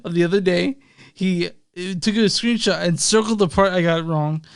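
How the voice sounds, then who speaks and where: A man's voice: high voice, normal speed, vocal fry, smooth, no echo, clean studio sound. A man co-hosting a podcast, rambling with lots of fillers, laughing easily and swearing casually. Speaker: podcast co-host and editor.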